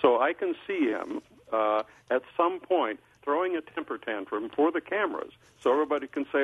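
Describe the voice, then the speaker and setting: An older man speaks on a tinny phone line, his voice a bit husky. He sounds like a columnist giving political commentary, measured and unhurried, with frequent uhs and restarts between thoughts. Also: mid-range voice, lively intonation.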